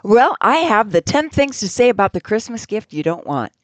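A woman's voice: mid-range voice, very animated, normal speed, dry recording. Chatty woman co-hosting on radio. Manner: chatty, playful, laughs easily. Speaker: radio co-host. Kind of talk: radio chat and ad reads.

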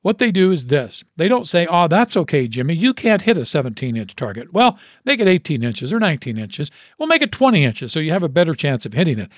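A man's voice: big pitch swings, brisk, few pauses, no echo. A man voicing a fiery old male baseball coach who lectures a crowd of coaches in an emphatic, preacher-like way. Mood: booming, preachy. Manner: booming, emphatic, preacher-like delivery.

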